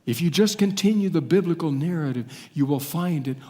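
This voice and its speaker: A man preaching a sermon with a somewhat high voice. He leans on long dramatic pauses and lets his phrases sink at the end. His words ring out with the long reverb of a large hall. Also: dark tone. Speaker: pastor.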